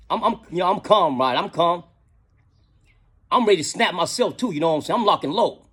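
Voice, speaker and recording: A man's voice: high voice, animated, fairly quick, pauses often, fairly bright tone, husky. A middle-aged man telling a casual story in slangy talk, often adding "you know what I'm saying".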